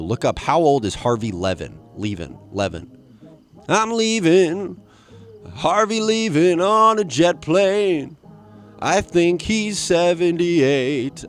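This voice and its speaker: Low-voiced man rambling through a comedy podcast. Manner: rambling, self-mocking, full of restarts. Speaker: podcast host. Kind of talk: solo comedic podcast monologue.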